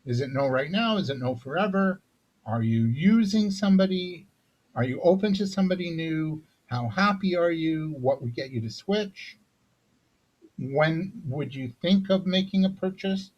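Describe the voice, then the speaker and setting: A man's voice: on the high side, lively intonation, normal speed, a little mellow, muffled recording. A man giving a business coaching talk on selling, conversational, often checking in with "right?" and restarting phrases. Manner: conversational, frequent "right?" tag questions and restarts. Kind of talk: recorded sales seminar talk.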